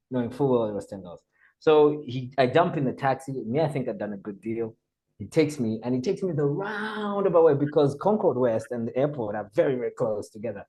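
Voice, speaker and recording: A man's voice: mid-range voice, poor audio. A man in his forties from Zambia, telling stories as a podcast guest, acting out dialogue and laughing often. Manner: animated storyteller, acts out dialogue, laughs often. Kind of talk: casual storytelling interview.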